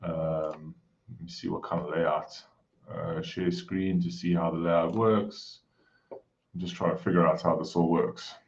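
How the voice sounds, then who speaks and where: Man, very deep voice, casual live-stream host, friendly and hushed, dull lo-fi audio. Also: fairly even intonation, measured pace. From South Africa. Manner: friendly, greets viewers by name, keeps voice down. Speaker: livestream host. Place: home room.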